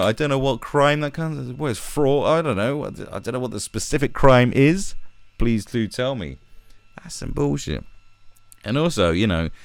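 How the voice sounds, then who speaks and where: A man rants in commentary, swearing freely and dropping into mocking voices. His voice sits very low and rough with fry, and its pitch leaps around animatedly. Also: no echo. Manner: sweary, ranting, sarcastic mock voices. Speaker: commentary vlogger. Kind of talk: ranting commentary.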